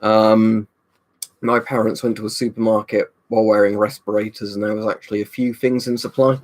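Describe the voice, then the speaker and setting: A young man talks through a relaxed live stream from his room at home, his voice sitting a little low. He rambles from one viewer's comment to the next, full of "um" and "you know". He is a touch tipsy from a drink. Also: a little fast. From United Kingdom. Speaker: livestream host.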